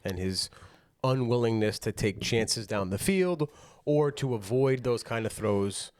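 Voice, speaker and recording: A man's voice: medium pitch, a little slow, a little mellow, no echo. A man hosting a sports podcast, steering the talk and reading out news points in a casual way. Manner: leads the segment, reads out news points.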